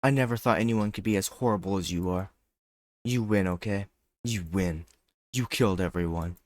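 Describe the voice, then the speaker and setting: A man's voice: deep voice, moderate pace, no room sound, lightly acted. A man reading aloud the lines of a lovestruck, possessive teenage girl from a visual novel, moving between teasing and anguish. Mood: bitter. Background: loud game music.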